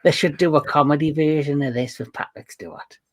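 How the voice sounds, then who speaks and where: A man's voice: fairly high pitch, fairly even intonation, fairly quick. A man hosting a casual movie review chat, jokey and talking with many restarts and self-corrections. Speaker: show host.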